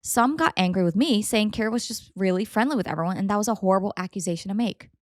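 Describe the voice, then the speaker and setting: A woman's voice: mid-range voice, fast talker, dry recording. A young woman hosts a casual story podcast, reading posts and breaking off into dramatic, indignant asides. Her voice sits in a middle register. The sound is dry and close, with no room around it. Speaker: podcast co-host reading stories.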